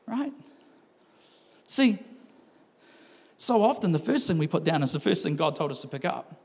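A man's voice: a little high, very animated, normal speed, vocal fry. A male pastor preaching a sermon in a conversational way, with laughing asides and acted-out quotes.

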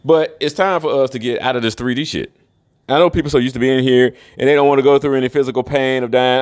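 A man's voice: mid-range voice, fairly even intonation, fast. A man in a rambling solo monologue, profane and mocking, who laughs often. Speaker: commentator.

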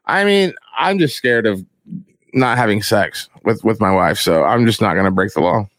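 A man's voice: expressive, moderate pace, a bit bright, no room sound. A young man talking in a crude, rambling, profane casual chat. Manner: crude, rambling, profane, mimics others in high voices.

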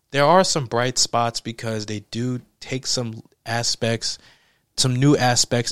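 A man's voice: medium pitch, a bit bright, clear, resonant tone, no room sound, studio quality. A man giving a casual, profane film review rant, exasperated and laughing often. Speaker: movie reviewer.

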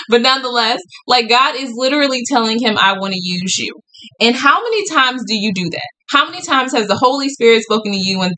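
Bright, excitable woman podcast host. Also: on the high side, low-quality recording. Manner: excitable, stumbles and laughs, talks to listeners as y'all. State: hyped up. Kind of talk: casual Bible study podcast.

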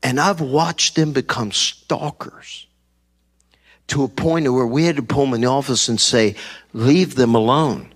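Holding a mic on the church stage, this middle-aged pastor speaks at a medium pitch with a steady, measured, fairly bright and husky tone. He preaches to the congregation through humorous anecdotes, impersonating the people in them.

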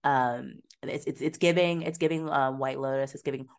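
A woman's voice: rumbling low, steady tone, normal speed. A woman co-hosting a podcast, chatting casually about a movie, swearing freely and slipping into mocking impressions. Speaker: podcast co-host. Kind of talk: casual movie-review chat.

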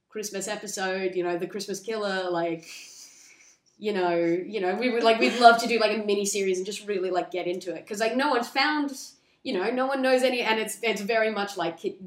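A woman chatting on a podcast in a casual, rambling way, with a mid-range voice. She slips into quick impressions of characters as she retells a story. The sound carries an echo from the room. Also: mid-range voice. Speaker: podcast host. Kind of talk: casual chat recapping a film.

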